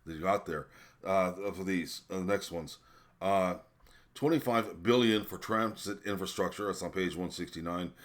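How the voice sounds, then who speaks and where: A man's voice: low-pitched, moderate pace. A man ranting indignantly in commentary, reading figures aloud, swearing and stumbling over his words. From American. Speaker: vlogger.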